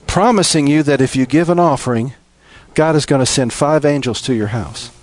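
A man preaching a sermon, building from steady teaching to impassioned, emphatic appeals. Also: mid-range voice, moderate pace, no room sound.

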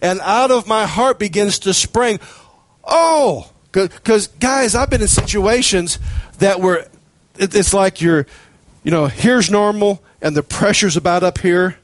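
A man preaching a sermon in a relaxed, conversational way, telling stories and acting out prayers in his own voice. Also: high voice, measured pace. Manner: conversational, storytelling, acts out quoted prayers.

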